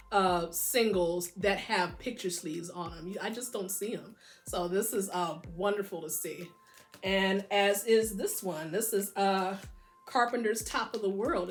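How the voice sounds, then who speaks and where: A middle-aged woman casually showing off her vinyl singles, enthusiastic and gushing, now and then singing a line along. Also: mid-range voice. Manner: enthusiastic, gushing, breaks into short sung snippets. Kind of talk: casual record show-and-tell.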